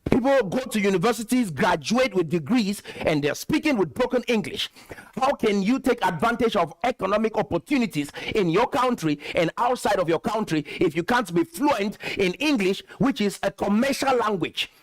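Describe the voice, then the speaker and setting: Man, from Cameroon, high-pitched voice, emphatic lecturing tone, dry close sound. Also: expressive, normal speed, no echo. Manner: emphatic, lecturing, repeats points. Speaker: host. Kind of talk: direct-to-camera commentary.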